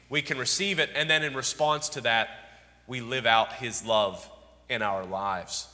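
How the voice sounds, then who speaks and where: Bright-voiced male preacher in a reverberant hall. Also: mid-range voice, measured pace. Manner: emphatic, repeating key words for stress. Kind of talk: expository sermon.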